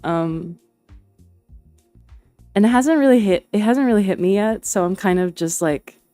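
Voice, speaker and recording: Young woman streamer, slow and mellow, hesitant and rambling, dry close mic with faint music under her. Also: medium pitch, dry recording. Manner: rambling and hesitant, many fillers and restarts, laughs often. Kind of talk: casual livestream chat.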